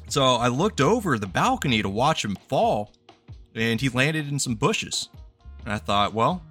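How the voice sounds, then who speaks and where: Bright-voiced man telling a joke. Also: mid-range voice, unhurried, soft background music. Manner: animated storytelling, swearing freely. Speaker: podcast co-host.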